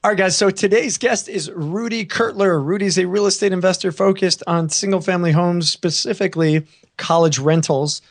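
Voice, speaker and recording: Guy hosting a podcast, kinda lost his voice, gravelly and raspy, goofy upbeat banter. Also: high voice, moderate pace. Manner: joking, upbeat, promotional. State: hoarse, partly lost voice. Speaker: podcast host.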